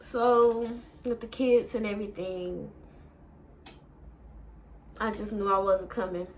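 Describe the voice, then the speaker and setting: A young woman speaks slowly and haltingly, her slightly high voice close to breaking as she fights back tears. She fills her story with fillers and casual swearing. Faint room ambience sits behind her. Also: a bit bright, a little hiss or hum. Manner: halting, with many fillers and profanity. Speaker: vlogger. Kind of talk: emotional storytime.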